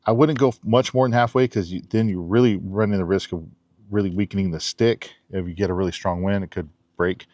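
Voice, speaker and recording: A man's voice: sits low, steady tone, a little fast, a little mellow, dry recording, lo-fi sound. A man chatting casually as he shows off a knife outdoors in his backyard, laid-back with giggly asides. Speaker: knife reviewer. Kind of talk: casual outdoor demo talk.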